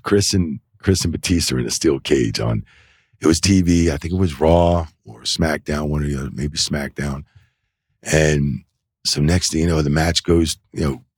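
Loose anecdotes from a middle-aged wrestling referee fill this casual interview on an indoor set; he animates them by acting out quoted voices and sprinkles in "you know" and "like." His voice is extremely low and slightly rough. The audio has no echo and is studio quality.

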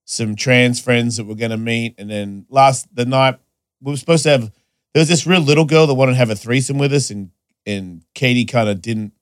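Man, 40s, podcast host. Crude, lively storyteller. Dry, close sound. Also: medium pitch, a little fast, clear, resonant tone, dry recording. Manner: crude, animated storytelling with big voiced quotes. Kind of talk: casual podcast chat.

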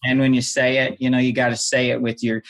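A man's voice: medium pitch, flat delivery, quick pace, a bit bright. Earnest male podcast guest telling stories. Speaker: podcast guest, apparel brand founder. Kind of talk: conversational interview storytelling.

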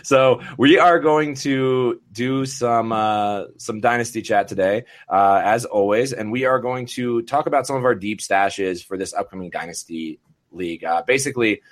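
A man's voice: medium pitch, moderate pace. A man hosting a podcast, chatting casually and joking, with lots of fillers. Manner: jokey, laughing, filler-heavy. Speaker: podcast host.

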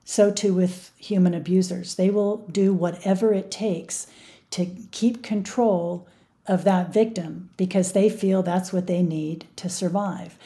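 A woman's voice: fairly low pitch, fairly even intonation, measured pace, dark tone. A middle-aged woman speaking earnestly and with emphasis as an interview guest. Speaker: guest, mother of a victim. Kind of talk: interview conversation.

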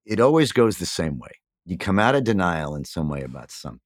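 Deep-voiced middle-aged man, dry and close. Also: big pitch swings, fairly quick, dry recording. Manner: reflective, searching for words with many fillers and restarts. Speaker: guest. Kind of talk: candid conversational interview.

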